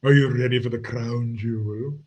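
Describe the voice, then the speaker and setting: A man's voice: medium pitch, fairly even intonation, moderate pace, darkish tone. A man hosting a commentary podcast, ranting in a blunt, mocking way with plenty of profanity. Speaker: podcast host. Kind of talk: political commentary rant.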